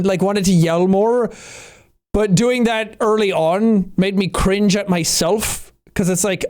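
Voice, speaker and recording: An Irish man with a high-sitting voice reacts to his own old gaming videos in casual commentary. He's unhurried yet animated, breaking into loud, playful outbursts.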